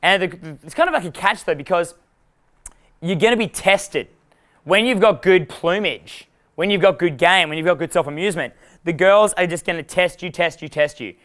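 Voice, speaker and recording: A man giving a live dating seminar, animated and profane, laughing at his own jokes. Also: high-pitched, moderate pace. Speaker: dating coach.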